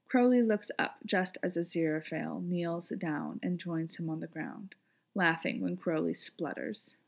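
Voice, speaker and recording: A woman reads a story aloud in a calm, lyrical way. Her voice sits low with a gravelly, fry-edged texture, and she lets the sentences flow gently. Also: measured pace. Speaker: reader. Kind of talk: reading fan fiction aloud.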